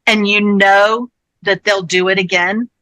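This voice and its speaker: A woman's voice: medium pitch, steady tone, a little slow, dry recording, rough recording. A woman on a convention panel, chatting and retelling stories with feeling and plenty of ums. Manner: chatty, retells stories with warmth and many fillers.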